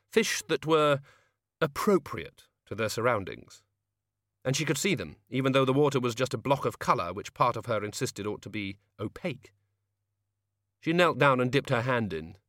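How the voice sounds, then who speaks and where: A man reading a fantasy novel aloud as narrator, in measured, even storytelling. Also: mid-range voice, no echo, clean studio sound. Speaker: audiobook narrator. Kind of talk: scripted narration.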